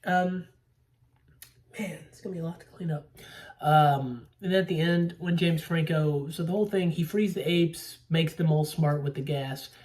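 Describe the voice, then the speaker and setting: A man's voice: a little high, moderate pace, a little mellow. A young man casually recapping a movie plot, rambling with lots of fillers and the odd swear word. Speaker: movie podcaster. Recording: voice a bit distant from mic.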